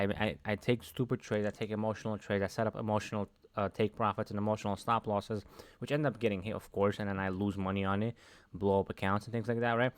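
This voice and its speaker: A man's voice: lowish voice, dry recording. Casual man who keeps saying "right?". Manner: conversational, keeps adding "right?" tags. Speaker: trading educator. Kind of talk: casual talking-head lesson.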